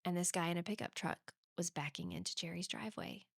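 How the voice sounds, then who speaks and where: A woman's voice: fairly low pitch, fairly even intonation, fast, creaky, no room sound, clean studio sound. A woman guest in an interview, telling stories with animation and acting out the voices of the people in them. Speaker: guest author. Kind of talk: conversational storytelling interview.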